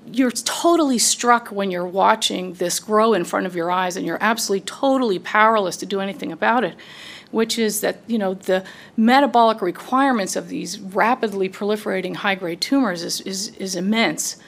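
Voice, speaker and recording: Female doctor, gravelly texture, searching interview answer. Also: medium pitch, normal speed. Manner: searching, restarts phrases.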